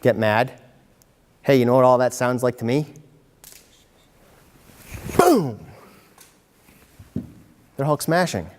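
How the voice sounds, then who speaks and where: A man giving a lively workshop talk to parents, acting out kids and parents in quick voices. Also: medium pitch. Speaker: workshop presenter. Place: meeting room. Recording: hall reverb from a community-TV taped talk.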